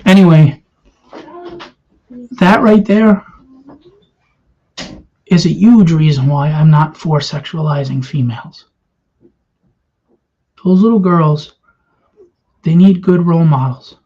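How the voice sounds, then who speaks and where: A man's voice: fairly high pitch, measured pace, long pauses, dark tone. A man ranting to camera, bitter and confrontational, firing rhetorical questions at his audience. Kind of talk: impassioned rant to camera. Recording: dull lo-fi sound.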